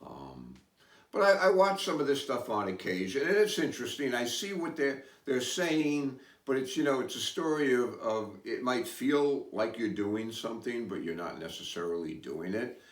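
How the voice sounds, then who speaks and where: This podcast host's mid-range voice swings widely in pitch at a moderate pace, picked up by a distant mic in a roomy room. He rambles through stories in a casual chat, hesitating often and wandering into asides.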